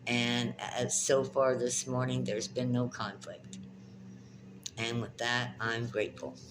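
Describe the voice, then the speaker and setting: A woman's voice: rumbling low, fairly even intonation, slow pace, noisy background. A woman giving a spiritual tarot reading in a vlog, talking in an emphatic, passionate way and often repeating her phrases. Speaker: tarot reader and spiritual teacher.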